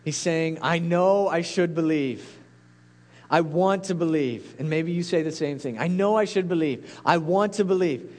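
High-voiced pastor preaching earnestly. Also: male voice, a little slow, a little mellow. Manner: earnest, pleading, rising to intense peaks. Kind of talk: sermon.

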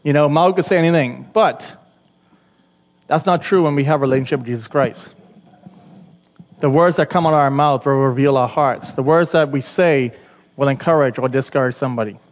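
A man's voice: medium pitch, moderate pace, long pauses, in a large hall. A Bahamian man preaching a sermon, chatty and conversational, with asides to the congregation. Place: church.

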